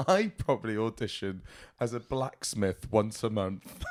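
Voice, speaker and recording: A man's voice: lowish voice, measured pace, darkish tone. A man co-hosting a comedy podcast, reacting eagerly and teasing his co-host playfully. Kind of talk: casual comedy chat.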